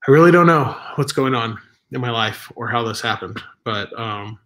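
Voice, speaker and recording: With an expressive mid-range voice that's a bit bright and moves at a moderate pace, a man from Southern California substitutes as host of a home live stream. His style is rambling and self-mocking, and he reads the chat aloud.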